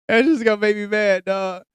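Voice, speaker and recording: A man's voice: high-pitched, clear, resonant tone, no echo, clean studio sound. A young man co-hosting a podcast, telling a story in casual, blunt, profane chat. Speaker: podcast host.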